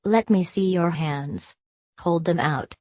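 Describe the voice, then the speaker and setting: A woman's voice: fairly low pitch, slow pace, darkish tone, no echo. A woman voicing a cheerful, bossy young princess in a storybook reading. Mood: stern. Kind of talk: storybook character voice.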